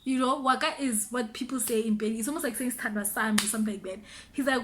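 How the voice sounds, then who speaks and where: A young woman with a South African accent telling a story on her vlog, animated and quick to act out the other people's voices. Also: sits high, a little hiss or hum. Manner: animated, switches between voices, mixes in local words. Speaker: vlogger. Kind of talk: casual storytime.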